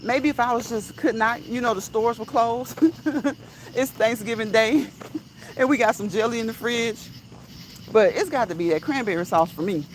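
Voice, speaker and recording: A woman's voice: fairly high pitch, normal speed, a little hiss or hum, poor audio. A woman, chatting casually on a livestream, reading viewer comments, laughing often and repeating phrases for emphasis. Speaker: host. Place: outdoors while walking.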